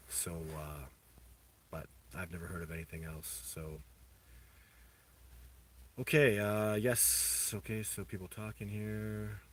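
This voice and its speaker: A man hosting a casual livestream, answering viewer questions in a rambling, halting way with many restarts. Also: sits low, a bit bright, husky. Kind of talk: casual live chat.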